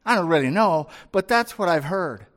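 A man's voice: high voice, lively intonation, moderate pace, fairly bright tone. A man voicing an arrogant ancient king who mocks and talks down to a prophet, in the middle of a sermon. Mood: condescending. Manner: mocking, talking down.

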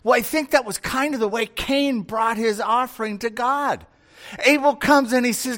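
A man's voice: very high-pitched, moderate pace. A male pastor delivering a conversational sermon, retelling scripture with acted voices. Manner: conversational, animated storyteller.

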